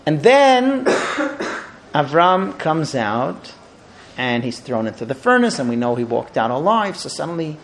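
A man with a fairly high voice leads a group through a storytelling Torah lesson outdoors. He keeps throwing rhetorical questions at his listeners to pull them in. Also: sing-song, measured pace, a little hiss or hum. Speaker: Torah teacher guiding a group. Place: outdoors at a holy site.

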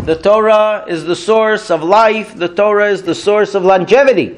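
A man's voice: sits high, normal speed, few pauses. A man teaching a Talmud class to students, telling a story animatedly and acting out the quotes. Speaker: Torah teacher.

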